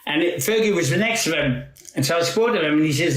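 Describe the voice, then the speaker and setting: Man, Geordie accent, 50s, rambling anecdotes, higher pitch, echoey room. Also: expressive, fast talker, few pauses. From North East England. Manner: laughing, rambling anecdotes with acted quotes. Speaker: guest footballer. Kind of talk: storytelling anecdotes.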